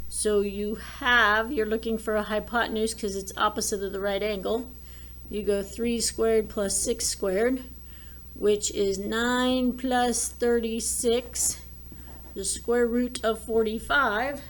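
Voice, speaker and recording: A woman teacher walking through math problems in a recorded lesson, thinking aloud as she draws and works them out. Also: a little high. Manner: talks while drawing and working problems aloud.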